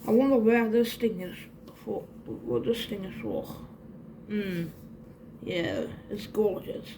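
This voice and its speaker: A young woman vlogging an unboxing at home, gushing excitedly as she talks. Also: medium pitch, slow pace, a little hiss or hum. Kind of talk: casual unboxing vlog.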